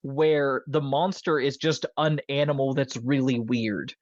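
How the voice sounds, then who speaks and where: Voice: medium pitch, steady tone, measured pace, dry recording. A podcast co-host in a casual film discussion, talking with enthusiasm and rambling with many fillers. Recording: dull lo-fi dry recording.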